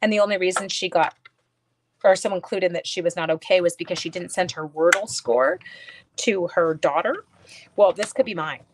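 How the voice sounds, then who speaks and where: A woman's voice: lowish voice, moderate pace. A woman hosting a crafting livestream, chatting casually with viewers and teasing herself while she works. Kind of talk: casual crafting chat, reading viewer comments. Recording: faint background noise.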